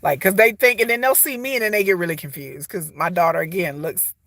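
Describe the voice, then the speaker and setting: A woman's voice: lowish voice, steady tone, fast talker, a bit bright. A woman in her forties chatting casually to camera as a vlogger, rambling, laughing often and mimicking people. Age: 40s.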